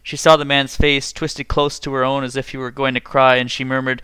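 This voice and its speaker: A man narrating a short story aloud in a measured, even reading. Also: medium pitch, clear, resonant tone, dry recording.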